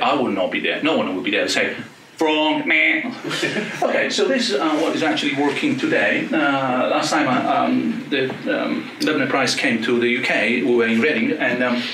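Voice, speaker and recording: A man giving an academic talk, joking with quick asides in a lively manner. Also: mid-range voice, noisy background. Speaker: panel speaker. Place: lecture hall. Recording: echoey lecture hall from far off.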